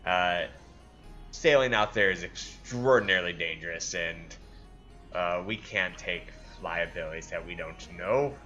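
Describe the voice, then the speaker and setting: A man playing a gruff, portly pirate smuggler captain. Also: low-pitched, sharp tone, highs cut off, faint music behind. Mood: dismissive. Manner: blunt, skeptical, halting with restarts. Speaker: game master.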